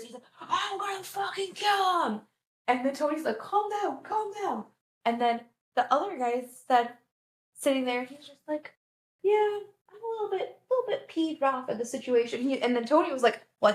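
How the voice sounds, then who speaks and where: A woman's voice: fairly high pitch, roomy sound, low-quality recording. A woman vlogging in a casual, enthusiastic, chatty way, full of "like"s and restarts. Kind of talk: casual chat.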